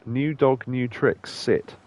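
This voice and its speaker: A man's voice: medium pitch, slow, a little mellow, a little hiss or hum. A man chatting casually while playing a game, musing aloud and laughing often. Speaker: let's play streamer. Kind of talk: casual gameplay commentary.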